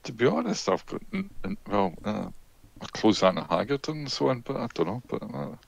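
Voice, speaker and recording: A man playing a tabletop game, talking in a hesitant, halting way. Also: mid-range voice, very animated, vocal fry, no room sound. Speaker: player. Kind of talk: casual tabletop game play.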